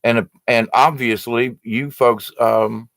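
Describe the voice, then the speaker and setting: A man's voice: medium pitch, fairly even intonation, takes it slowly, gravelly, a bit bright, dry recording. A man hosting a casual spiritual livestream, reading out viewer comments and talking them through in an earnest, rambling way full of fillers and restarts.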